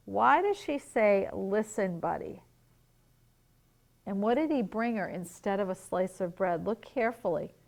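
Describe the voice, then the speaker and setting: A woman teacher reading a picture book to young children at home, gently asking questions and explaining words. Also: mid-range voice, expressive, normal speed, creaky, hardly any pauses.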